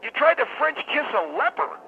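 A man playing a gruff, confrontational male caller with a gravelly voice. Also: very high-pitched, wildly swooping pitch, a little fast, slight background noise, full character voice. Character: irate male caller, blunt and pushy. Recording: tinny phone line.

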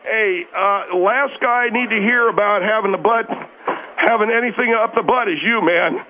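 Bumbling male caller voiced by a man, high voice, halting delivery, heard over a tinny phone line. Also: a little hiss or hum, natural voice. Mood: flustered. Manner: halting, stumbling, fumbles names.

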